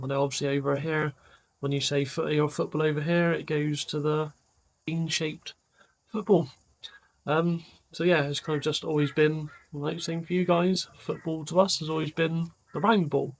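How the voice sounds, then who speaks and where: Chatty man, slightly high voice. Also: moderate pace, low-quality recording. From England. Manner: rambling, relaxed, lots of fillers. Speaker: vlogger. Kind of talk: casual chat.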